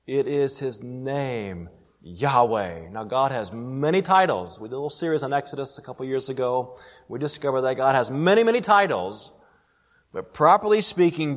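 A man preaching a sermon as pastor, emphatic, with rhetorical questions and dramatic slowdowns. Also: medium pitch. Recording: long reverb of a large hall.

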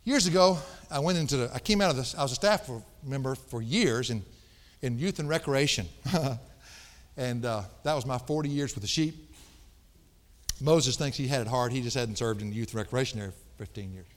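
A middle-aged man preaching a sermon, folksy and emphatic, jumping from loud outbursts to hushed asides. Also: mid-range voice, a little fast. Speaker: pastor. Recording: long hall reverb.

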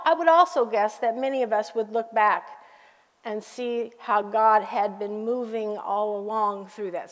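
A middle-aged woman pastor preaching a sermon, telling family stories with lively asides to the congregation. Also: fairly high pitch, long reverb tail.

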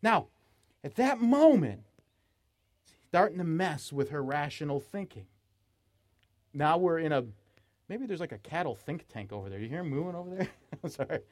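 A man preaching a sermon at a festival, animated and teasing, acting out quotes with a raised voice. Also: on the high side, moderate pace, pauses often.

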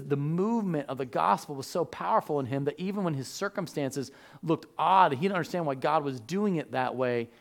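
A man preaching a sermon as a pastor, animated and joking, acting out the voices of biblical figures. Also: fairly high pitch, vocal fry.

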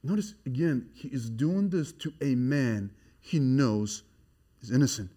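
A man preaching an expository sermon, swinging from hushed, grave passages to loud, excited emphasis. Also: mid-range voice, unhurried, breathy edge.

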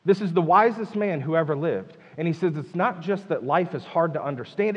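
A man's voice: a little high, animated, normal speed, hardly any pauses, slightly rough, long reverb tail, muffled recording. A man preaching a sermon, emphatic and full of rhetorical questions. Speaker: pastor.

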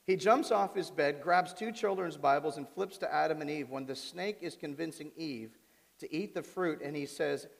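A man preaching a sermon as pastor, animated, often turning to his congregation with questions. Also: on the high side, moderate pace, creaky. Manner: animated, asks the audience questions. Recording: reverberant hall.

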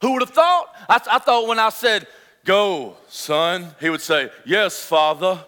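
A man in his thirties delivers an impassioned sermon in a high, ringing voice. His tone is bright and crisp, driving home points with repeated phrases. A long hall reverb trails every word. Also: sing-song, measured pace. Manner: impassioned, emphatic repetition, swings between loud and hushed. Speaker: pastor.

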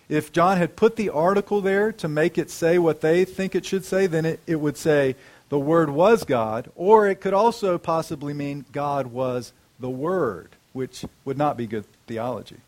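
Higher-voiced man preaching a sermon. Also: darkish tone. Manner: addresses the congregation with questions.

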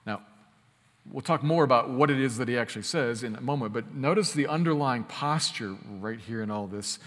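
A man preaching a sermon, emphatic, slowing down to stress key phrases and speeding through quick asides. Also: medium pitch, big-room sound. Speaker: pastor.

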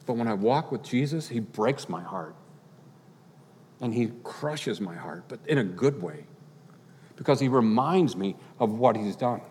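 A male pastor delivers a sermon in an earnest voice of middle pitch. He climbs to impassioned peaks, then sinks back to quiet, reflective lines. His voice rings out with a long reverb, as in a church sanctuary. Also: animated, unhurried.

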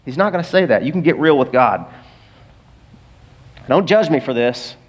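A man preaching a sermon in a church, conversational and animated, with asides to the congregation. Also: mid-range voice, normal speed, slightly rough, long reverb tail. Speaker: pastor.

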